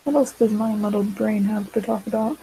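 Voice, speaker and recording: A woman's voice: mid-range voice, fairly quick, vocal fry, mellow, a little hiss or hum, rough recording. A teenage girl chatting casually while she draws, rambling with many fillers and side tracks. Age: teens. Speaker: vlogger.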